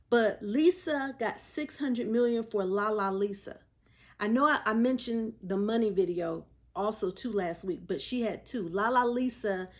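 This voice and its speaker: A woman hosting a casual solo podcast, talking straight to her listeners in a chatty, animated way and laughing between remarks. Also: a little high. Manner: chatty and animated, often addressing listeners directly; frequent fillers and restarts. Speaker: podcast host.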